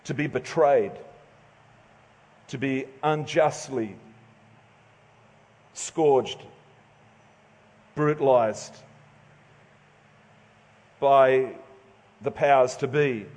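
A man's voice: mid-range voice, very slow, pauses often, darkish tone. Australian man preaching in a reverberant hall. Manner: casual, joking, conversational preaching with stumbles. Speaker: pastor. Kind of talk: sermon.

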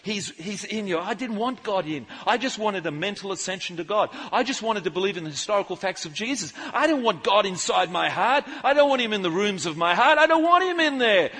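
A man preaching with a high, bright and ringing voice. He jumps between playful asides and loud calls to the crowd, and his words echo around a large church hall. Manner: animated, jokey, shouts out to the crowd. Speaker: pastor. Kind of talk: lively church sermon. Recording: live sermon in a reverberant church hall.

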